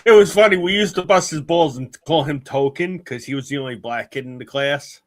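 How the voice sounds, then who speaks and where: A man's voice: on the high side, a little fast, no room sound. A man in his forties chatting casually and telling stories, a bit drunk, swearing freely. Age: 40s. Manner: swearing streetwise storyteller, tipsy from drinks. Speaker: guest on a live stream. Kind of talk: casual chat.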